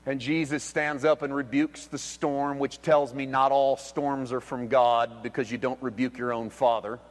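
A man preaching a sermon as pastor, swinging between hushed, quiet lines and loud, emphatic ones. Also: mid-range voice, level tone, moderate pace. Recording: long hall reverb.

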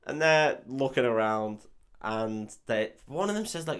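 A man's voice: medium pitch, lively intonation, fairly bright tone, smooth. Man, podcast host, casual chat, swears a lot, rambling film recap, mid-range voice. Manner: profane, rambling retelling with quick asides.

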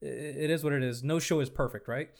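A man chatting as a podcast guest, animated and casually swearing. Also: a little high, fast, gravelly. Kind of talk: casual chat.

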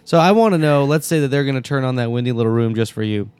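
A man's voice: mid-range voice, lively intonation, fast talker, darkish tone, clean tone, no echo. Man, podcast host, casual chat, joking, hesitant restarts.

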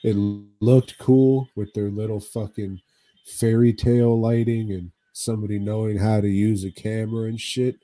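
A man's voice: lowish voice, warm tone, no echo. A man co-hosting a podcast, recapping a horror movie in casual chat, swearing often and rambling. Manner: profane, rambling, drawling recap. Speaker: podcast co-host.

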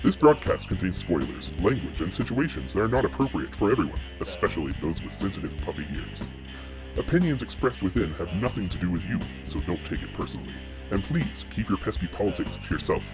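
A deep-voiced man delivers a show's opening in a grand, ceremonial tone. His scripted words roll out with mock solemnity, while clear guitar music plays behind him. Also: very animated, brisk. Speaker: show intro announcer.

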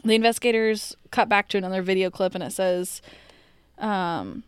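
A woman's voice: medium pitch, fairly even intonation, normal speed, clear, resonant tone, no room sound. A woman co-hosting a podcast, chatting casually and rambling about ghost stories, with swearing and laughing asides. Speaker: podcast co-host. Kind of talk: casual paranormal chat.

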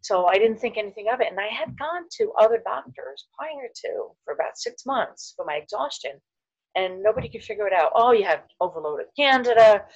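A middle-aged woman with a fairly high, gravelly, breathy voice tells her own story briskly as a podcast guest, the audio dull. An animated storyteller, she slips into the voices of people she quotes. At heavy moments she drops almost to a whisper.

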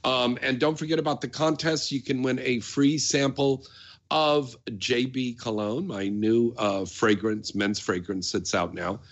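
Male radio host, casual and rambling, mid-pitched voice, dull lo-fi audio. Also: fairly even intonation, unhurried. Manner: chatty, rambling, many fillers. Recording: dull lo-fi sound.

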